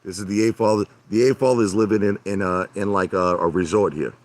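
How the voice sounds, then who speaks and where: A man livestreams from his hot tub, rambling brashly to viewers, repeating himself and calling them out by name. His low voice is a little mellow, fairly quick and fairly even in intonation, with no room sound.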